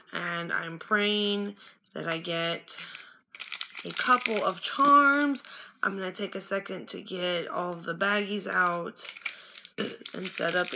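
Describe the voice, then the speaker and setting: A woman's voice: medium pitch, gravelly, noisy background. A young woman chatting casually as she unboxes small toys at a relative's house, muttering to herself now and then as she sorts the pieces. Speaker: toy unboxing vlogger.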